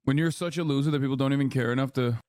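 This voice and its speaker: A man's voice: mid-range voice, rapid-fire, darkish tone, no echo, studio quality. A man streaming commentary, ranting in a mocking, exasperated way. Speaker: streamer reacting to clips. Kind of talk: casual commentary.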